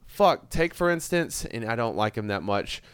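Swearing, animated man with a smooth voice. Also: mid-range voice, moderate pace, no room sound. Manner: animated, swears freely, laughs easily. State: hiccuping. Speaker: podcast co-host. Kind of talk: casual wrestling chat.

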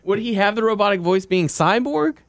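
Podcast host, male, animated and jokey, dry close sound. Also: high-pitched, fairly quick, dry recording. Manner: playful, laughing often. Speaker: podcast host reading listener questions. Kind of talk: casual chat.

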